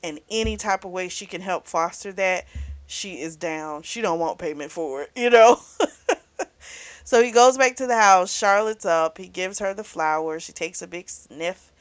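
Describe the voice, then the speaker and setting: A woman's voice: on the low side, normal speed, no room sound. A woman hosting a book club channel, retelling a romance novel's plot in casual chat full of "like" and "you know".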